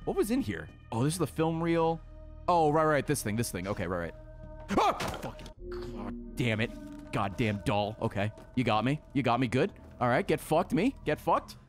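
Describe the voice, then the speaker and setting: A man's voice: medium pitch, lively intonation, moderate pace. Jumpy, cursing male gaming streamer. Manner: profane, jumpy, yelps when startled. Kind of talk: reactive gameplay commentary. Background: horror game music and sounds.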